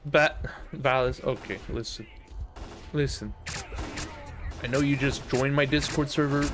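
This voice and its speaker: A man's voice: medium pitch, steady tone, measured pace, long pauses, fairly bright tone. A man streaming a video game live, chatting casually with viewers, cracking profane jokes and laughing often. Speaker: gaming streamer.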